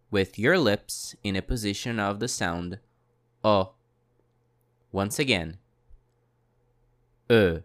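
A man teaching French pronunciation in English, modelling each sound slowly and repeating it, with short French classroom prompts in between. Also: fairly low pitch, fairly bright tone. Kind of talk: slow, deliberate language lesson.

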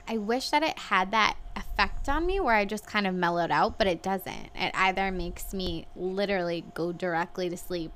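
Chatting casually as a podcast co-host, a thirty-something woman tells a story with plenty of "like", occasional swearing, and reenacted dialogue. Her voice is medium-pitched and a bit bright, with a little hiss or hum in the recording.

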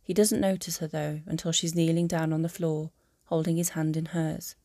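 Woman with a low mellow reading voice. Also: level tone, moderate pace, no room sound, studio quality. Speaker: narrator. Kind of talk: fan audiobook narration.

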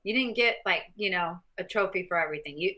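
A woman guest on an interview show, telling her own stories in an animated, self-mocking way. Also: on the low side, quick pace. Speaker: guest, former boxing champion. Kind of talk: casual interview storytelling.

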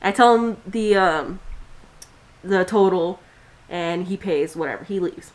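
A woman's voice: on the low side, unhurried. A young woman co-hosting a podcast, telling a story in casual chat with a blunt, profane, ranting manner. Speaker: podcast co-host.

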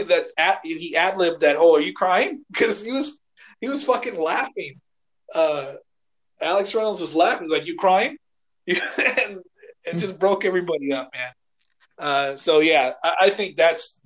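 A man co-hosting a casual podcast, rambling and animated, swearing and acting out quotes as he retells scenes. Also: a little high. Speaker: podcast co-host. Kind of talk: casual chat.

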